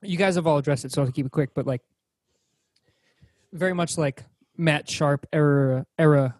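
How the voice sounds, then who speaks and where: A man with a Boston accent talks about music on a call. His voice sits a little higher than most men's and sounds dry and close. He rambles and keeps reaching for the right word. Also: fairly quick, darkish tone, breathy edge, no echo. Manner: rambling, searching for words. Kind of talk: casual chat. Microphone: video call.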